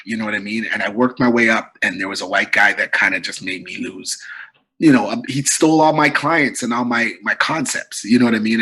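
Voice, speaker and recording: A man from Canada, a comedian guest on a podcast, telling stories in casual chat, animated and acting out quoted voices. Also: fairly low pitch, breathy edge, low-quality recording. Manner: animated storyteller, acts out quoted voices, repeats "you know what I mean".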